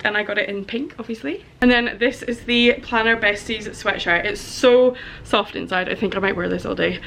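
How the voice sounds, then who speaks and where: A woman in her thirties chatting through a casual vlog as a small business owner, gushing and excitable with chatty asides. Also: mid-range voice, fairly quick, few pauses, a little hiss or hum. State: out of breath in places. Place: home studio office.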